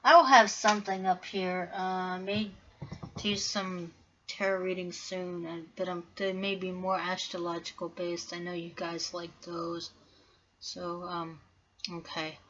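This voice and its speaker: A woman's voice: on the low side, little pitch movement, measured pace, a bit bright, lo-fi sound. A woman vlogging in a casual, rambling way, full of fillers and restarts. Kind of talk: casual vlog talk.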